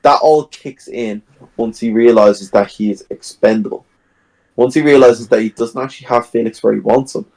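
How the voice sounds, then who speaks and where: In casual podcast chat about a movie, a male co-host animatedly recounts the plot and performs its scenes. He has a lowish, gravelly voice and a moderate pace. The recording is rough.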